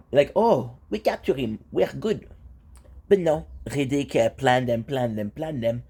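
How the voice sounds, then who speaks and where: Mellow-voiced young man rambling casually. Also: medium pitch. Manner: rambling, with fillers and restarts. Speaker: vlogger. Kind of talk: casual vlog chat.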